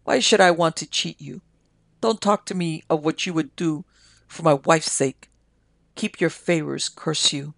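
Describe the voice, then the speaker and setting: A reader voicing a delirious army major who raves and pleads in a feverish confession, with a gravelly edge. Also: mid-range voice, a little slow, a bit bright, dry recording. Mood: raving, boastful. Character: delirious army major, guilt-ridden man.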